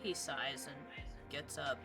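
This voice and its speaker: A woman's voice: very deep voice, fairly even intonation, takes it slowly, music in the background. A woman narrating as game master of a tabletop role-play game, describing actions plainly in the present tense.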